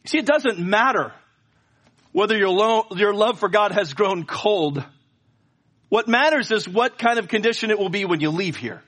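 Male pastor, slightly high voice, storytelling sermon delivery with fervent climaxes. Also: animated, moderate pace, a bit bright. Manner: storytelling preacher, rising to fervent pleas.

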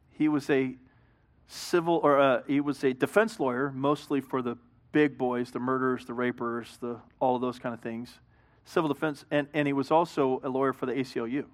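A man's voice: mid-range voice, flat delivery, fairly quick. A middle-aged man, a pastor, preaching a sermon in an earnest, conversational way, telling a story and acting out both sides of a talk.

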